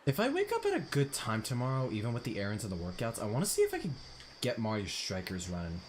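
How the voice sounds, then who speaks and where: Young dude streaming games, chill chat, gets worked up over jumps, kinda noisy mic. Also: male voice, medium pitch, fast. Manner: relaxed chat, bursts of frustration at missed jumps. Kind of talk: casual gameplay commentary.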